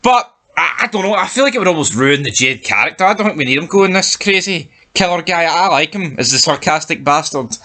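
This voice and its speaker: A man rants through a casual TV review with a fairly high, sharp, forceful voice. He is animated and swears freely, talking over his co-host. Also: fairly quick, hardly any pauses.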